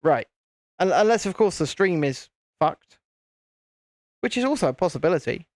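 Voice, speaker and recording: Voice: mid-range voice, big pitch swings, normal speed, no echo, studio quality. Chatty live-stream host. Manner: rambling, chatty, repeats phrases. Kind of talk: casual live-stream chat while building. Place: home, live-streaming while building Lego.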